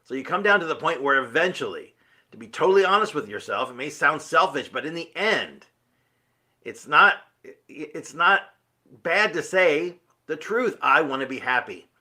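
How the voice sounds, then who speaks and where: A man's voice: fairly high pitch, lively intonation, moderate pace, pushed and bright. A man giving an earnest, emphatic motivational talk, full of rhetorical questions. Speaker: motivational speaker.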